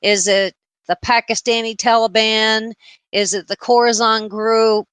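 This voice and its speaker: A woman hosting a talk radio show who frames her questions haltingly, with many fillers. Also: fairly high pitch, fairly even intonation, a bit bright, clean tone, dry recording.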